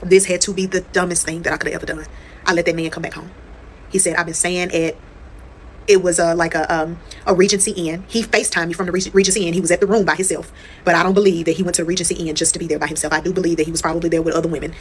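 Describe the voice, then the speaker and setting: Young woman, slightly low register; blunt, chatty storytime delivery. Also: level tone, racing, slight background noise. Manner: candid, profane, conversational, addresses viewers as y'all. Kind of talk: casual storytime monologue.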